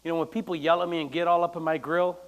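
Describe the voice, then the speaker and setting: High-voiced man preaching an animated sermon. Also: rapid-fire, muffled recording. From United States. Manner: animated preaching, acting out quoted lines with loud bursts. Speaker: pastor. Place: church.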